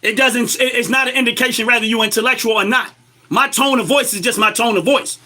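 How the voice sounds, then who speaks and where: A man's voice: very high voice, steady tone, fairly quick, pushed and bright. A man giving impassioned political commentary, emphatic and lecturing, firing rhetorical questions at his listeners.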